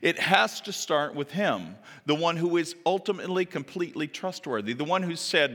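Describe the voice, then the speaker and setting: A man preaching a sermon as a pastor, telling stories with animated delivery and acting out the people in them. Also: on the high side, moderate pace, few pauses, in a large hall. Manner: animated storytelling, acting out quoted voices. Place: church sanctuary.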